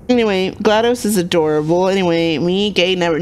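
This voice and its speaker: A woman streamer chats casually while she plays, teasing her viewers in a playful way. She drifts into quiet mutters and hums under her breath. Her voice sits at a middle pitch for a woman. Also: animated, slow pace, pauses often, slight background noise. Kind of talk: casual gameplay commentary.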